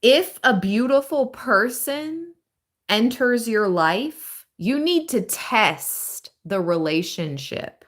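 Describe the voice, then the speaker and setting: A woman hosting a relaxed tarot reading on a live stream. She talks at an unhurried, slow pace and draws out her phrases. She chats and thinks aloud as she goes. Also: on the high side. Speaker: tarot reader.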